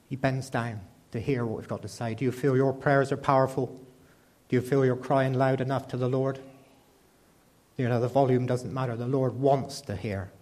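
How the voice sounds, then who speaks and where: A man with a mid-range, darkish voice preaches a conversational sermon, frequently posing rhetorical questions to the congregation.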